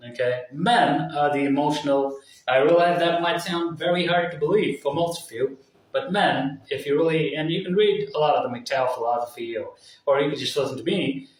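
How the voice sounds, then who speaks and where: Man, rambling vlog monologue, casual and profane, mid pitch, very echoey room, distant mic. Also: moderate pace. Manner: casual, profane, full of fillers and asides. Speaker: vlogger.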